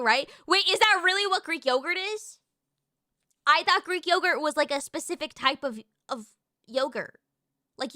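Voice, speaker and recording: A woman streamer chatting casually with her live chat, excitable and swearing freely, with lots of fillers and restarts. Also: high voice, no echo, studio quality.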